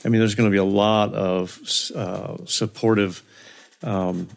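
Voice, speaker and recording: A man with a gravelly, creaky voice talks in an earnest, preacherly way. He co-hosts a casual faith-based podcast and often quotes scripture. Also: fairly low pitch, little pitch movement, a little slow. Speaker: co-host of a recovery podcast.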